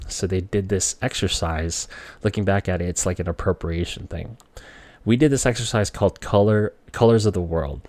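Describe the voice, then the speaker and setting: A man with a low voice, from the Philippines, tells a story from his own life in a casual, chatty way. The recording is dry and close, with no room sound. When he quotes himself as a child, his voice leaps up high. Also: dry recording. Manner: relaxed conversational, voice jumps high when quoting his child self.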